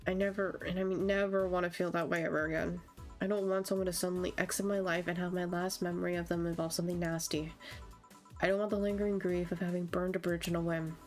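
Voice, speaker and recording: A woman's voice: lowish voice, flat delivery, fast, faint music behind, lightly acted. Jill, a woman reading a guarded young bartender. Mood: resolved. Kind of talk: reading game dialogue aloud.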